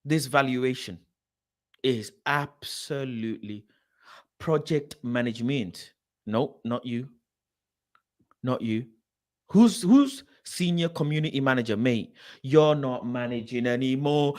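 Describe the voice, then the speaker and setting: A man's voice: medium pitch, lively intonation, unhurried. A young man hosting a football channel, reacting to a screen in an exasperated, mocking rant full of swearing, muttering as he reads names aloud. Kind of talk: ranting reaction commentary.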